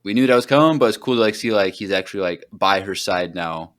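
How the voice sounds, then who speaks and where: A man's voice: fairly low pitch, quick pace, a bit bright. A man hosting a podcast, chatting casually through an episode recap and filling his speech with "like" and "um.". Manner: rambling, heavy on fillers like "like". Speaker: podcast host.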